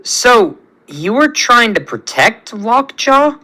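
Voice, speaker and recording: A man reading a fan story aloud, voicing a gentle, curious young royal woman in a soft, earnest way. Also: very high voice, very animated, takes it slowly, voice pushed up, full character voice, low-quality recording.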